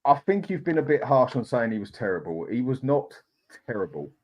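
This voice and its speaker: A man hosting a casual football chat and laying out his points calmly. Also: medium pitch, a little fast. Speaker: football podcast host.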